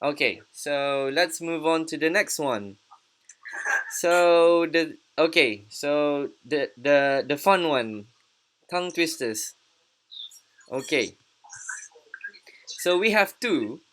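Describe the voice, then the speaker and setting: In an online class, a woman with a low-pitched voice teaches English pronunciation, patiently and encouragingly repeating words slowly. A slight hiss or hum runs through the recording.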